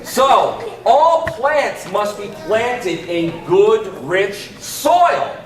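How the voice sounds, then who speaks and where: Drawing out his words with big pitch swings, a high-voiced extension educator teases a children's audience and leads call-and-response during a playful gardening routine. It's captured from afar in a large, echoey indoor hall, very noisy with loud kids.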